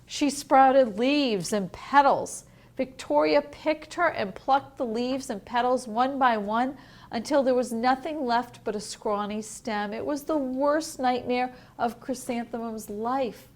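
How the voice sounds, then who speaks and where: A woman teacher reading a picture book aloud to young children in a home learning video, gentle and asking the listener questions. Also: high voice, takes it slowly. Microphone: home video recording.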